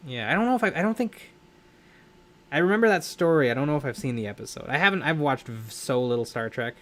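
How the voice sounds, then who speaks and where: A man's voice: medium pitch, lively intonation, fast talker, fairly bright tone. A young man hosting a live stream, chatting casually while painting miniatures, rambling and correcting himself as he talks. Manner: rambling, self-correcting, laughs often. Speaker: livestream host.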